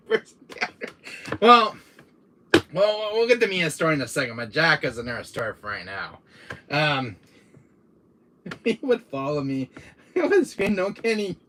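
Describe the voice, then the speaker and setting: A man's voice: fairly high pitch, fairly bright tone, slight background noise. A man streaming, retelling a game run with frequent laughter and swearing. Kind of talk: live stream storytelling.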